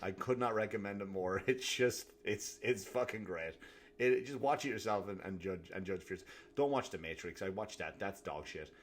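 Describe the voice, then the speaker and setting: A man hosting a comedy podcast, ranting alone in a profane, animated way. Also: low-pitched, normal speed. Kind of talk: solo comedic rant.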